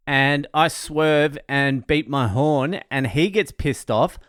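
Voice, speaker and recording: Man, sweary self-mocking vlog rant, smooth clear voice, dry close sound. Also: on the high side, takes it slowly, fairly bright tone, no room sound. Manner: sweary, ranting, laughs at himself. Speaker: comedian and first aid trainer. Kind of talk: casual vlog monologue.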